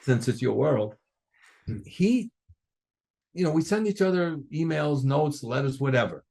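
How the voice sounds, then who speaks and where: A man's voice: fairly high pitch, measured pace, vocal fry. An older man, a guest drummer, telling stories in a casual interview and acting out what others said. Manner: animated, acts out other people's lines in his stories.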